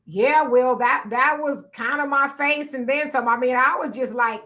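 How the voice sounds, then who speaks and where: A middle-aged woman co-hosting a casual talk show, telling a story in an animated, dramatic way. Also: high voice, moderate pace, few pauses. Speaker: co-host.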